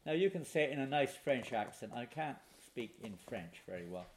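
A man's voice: mid-range voice, a little fast, slight background noise. An older man, telling a humorous personal story as a speaker at a spiritual retreat, talking to a live audience. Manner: animated, humorous anecdotal storyteller.

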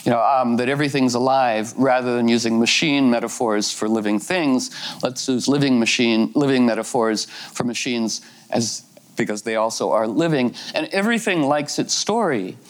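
A man's voice: mid-range voice, normal speed, rough recording. A man giving a meandering, playful astrology talk, full of "you know" fillers and laughing asides. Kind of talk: rambling spoken talk.

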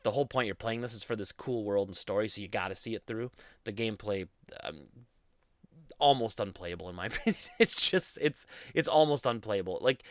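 A man's voice: medium pitch, a bit bright, no echo, clean studio sound. Goofy rambling man hosting a podcast. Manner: rambling, goofy, self-deprecating. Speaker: podcast host. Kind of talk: casual solo podcast rambling. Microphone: studio mic.

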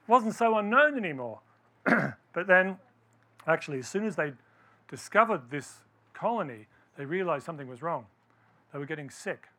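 A man's voice: a little high, lively intonation, moderate pace, pushed and bright. A man giving a storytelling talk to a live audience, quizzing listeners with questions as he tells the story.

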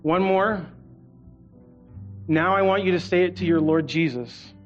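A man's voice: sits high, measured pace. Earnest preacher man with muffled sound. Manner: earnest, leads congregation in call-and-response. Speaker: guest preacher. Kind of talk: sermon with prayer. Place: church auditorium. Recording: muffled church recording with soft music.

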